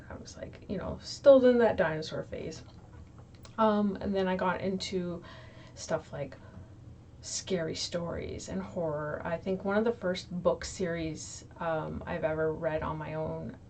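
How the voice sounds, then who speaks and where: A woman's voice: fairly low pitch, a little mellow, a little hiss or hum. A young woman chatting casually to her viewers, filling her talk with ums and likes, recorded in a small room. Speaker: YouTube creator. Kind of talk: casual chat to camera. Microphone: low, distant mic. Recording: distant mic in small room.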